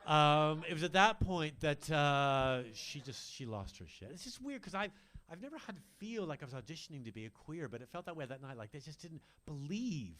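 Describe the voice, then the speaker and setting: A man's voice: expressive, brisk, a bit bright. An older man performing a camp, teasing stand-up comedy set on a club stage into a handheld mic. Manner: camp, teasing, swoops between mock-deep and high voices.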